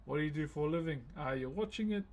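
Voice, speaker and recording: A man's voice: fairly high pitch, expressive, quick pace, a little mellow. A man with a New Zealand accent hosting a live stream, chatting casually and thanking viewers by name in a friendly, slangy way. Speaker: livestream host.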